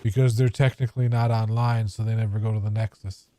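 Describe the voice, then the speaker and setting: A man's voice: lowish voice, level tone, fast talker, warm tone, faint music behind. A man giving casual, rambling commentary while playing a video game, offhand and sometimes profane. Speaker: gamer.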